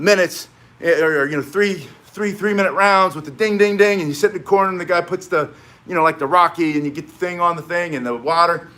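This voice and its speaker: A man's voice: a little high, pushed and bright. A man teaching self-defense on a live stream, talking to viewers in an emphatic way, repeating short punchy phrases and drifting into asides. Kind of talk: live-streamed training talk, chatting with viewers.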